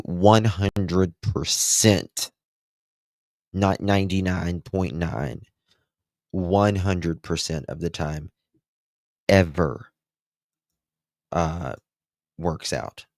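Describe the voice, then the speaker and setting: A deep-voiced man with a gravelly edge hosts a true crime livestream and talks emphatically to his chat. He speaks unhurriedly, and the sound is dry and close. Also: fairly even intonation, very slow, pauses often, darkish tone, no room sound. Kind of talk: casual livestream commentary.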